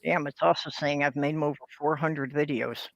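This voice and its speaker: A man's voice: a little high, fairly even intonation, moderate pace, vocal fry, dry recording, dull audio. Small-channel creator, male, lightish voice, conversational. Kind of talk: casual stream chat.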